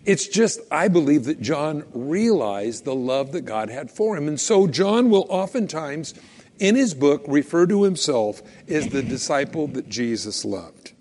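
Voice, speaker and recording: A man preaching a sermon in a casual, animated way, acting out little scenes and quotes as he goes. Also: a little high, a little slow, slight background noise. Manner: animated, conversational, acts out quotes. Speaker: pastor. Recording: long hall reverb.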